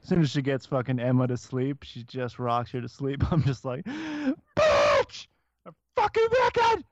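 A man with a mid-range voice, speaking fairly quickly with no echo, co-hosts a podcast. In casual, animated conversation he tells stories laced with swearing and laughs often.

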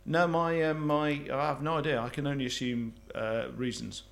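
A man with a somewhat high-pitched voice talking casually on a podcast. He stumbles and restarts as he gathers his thoughts, in an easygoing manner. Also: level tone, moderate pace, gravelly. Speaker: podcast co-host. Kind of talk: casual chat.

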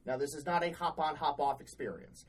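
Speaking a little fast in a low voice, this woman co-hosts a podcast and recounts work stories in a casual, heavily profane chat. She comes across blunt and exasperated, on a low-quality recording.

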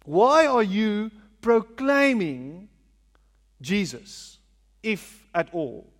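A man's voice: sits high, big pitch swings, very slow. A man preaching a sermon, repeating phrases for emphasis and asking rhetorical questions in a large hall. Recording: long hall reverb.

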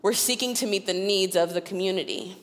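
A woman preaching a sermon, telling personal stories with animated delivery and frequent laughter. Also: medium pitch, a little fast, big-room sound. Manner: animated, acts out voices in her stories, laughs often. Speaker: guest preacher. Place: church sanctuary.

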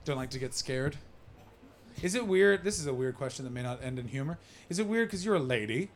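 A man's voice: medium pitch, lively intonation, a little fast. A man doing stand-up comedy, telling a rambling, crude, self-mocking story and chatting with people in the crowd. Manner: talks with the crowd.

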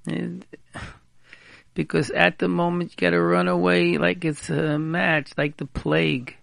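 A man's voice: a little high, measured pace, vocal fry, a bit bright, no echo. A man giving informal marriage advice on the radio, repeating key words for emphasis and mixing in Hebrew and Yiddish terms.

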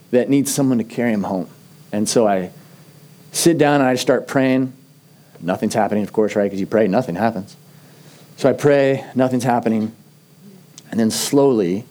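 A middle-aged man delivers a sermon in a relaxed, mellow voice of ordinary pitch. He speaks earnestly and conversationally, leaning into personal stories and slowing down to stress his main points. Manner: earnest, conversational storytelling with slow emphatic phrases. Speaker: pastor.

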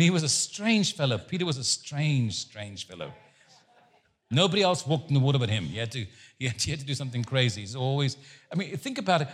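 A man preaching a sermon as a guest speaker, telling stories with jokes and an animated, lively delivery. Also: medium pitch, husky. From Jewish background. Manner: animated, joking storyteller.

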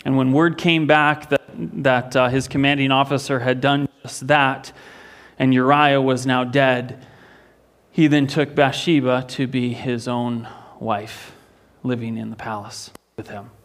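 A man's voice: mid-range voice, little pitch movement, measured pace, fairly bright tone. Earnest man preaching a sermon. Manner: earnest storytelling, repeats words as he restarts. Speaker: pastor. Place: church.

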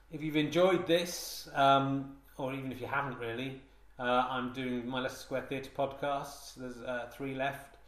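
A man hosting a comedy podcast, rambling through a mock-solemn monologue with many hesitations and restarts, recorded on a handheld recorder. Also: mid-range voice. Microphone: handheld digital recorder. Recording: roomy, echoey room sound.

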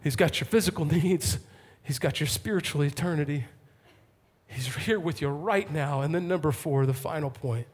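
A male pastor delivering an impassioned sermon to a congregation, swinging from fervent calls to hushed intensity. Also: fairly high pitch, moderate pace, husky. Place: church, before a congregation.

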